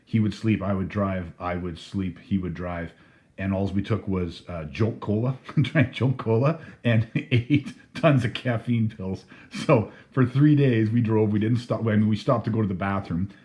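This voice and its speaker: A man's voice: lowish voice, unhurried, darkish tone. A man telling a story casually, laughing through his words and swearing freely. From Canada.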